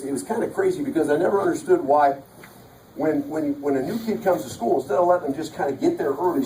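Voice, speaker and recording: In a large event hall, a motivational speaker addresses an audience with emphatic energy, recounting his life story and repeating key lines. His voice sits on the high side with a dark tone. The recording is echoey, the mic placed at a distance, with a slight hiss or hum.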